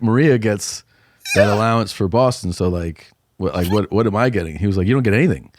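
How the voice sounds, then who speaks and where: A man's voice: lowish voice, normal speed, heavy background noise. A man co-hosting a podcast, telling stories in casual chat, swearing and laughing as he goes. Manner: expressive, swearing, laughing storyteller. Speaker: podcast co-host.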